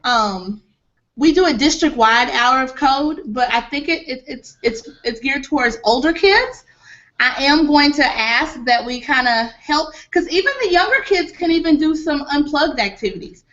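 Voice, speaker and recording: A woman's voice: sits high, normal speed, fairly bright tone. A woman parent on an online panel, speaking earnestly with many fillers. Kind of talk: casual video-call discussion. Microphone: video call. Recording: dull lo-fi video call audio.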